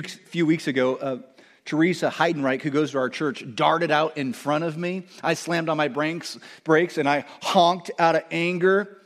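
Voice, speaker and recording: Preaching with a fairly high-pitched voice, this middle-aged pastor is animated throughout. Quoted lines push him louder, and he stumbles into rapid restarts.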